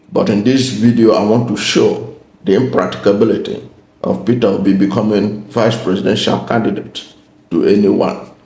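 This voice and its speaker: A man hosts a political commentary, speaking deliberately and pressing his points home. His voice sits low with a gravelly edge, and the recording rings with a roomy echo. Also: darkish tone. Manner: deliberate and emphatic, repeating key points. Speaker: channel host.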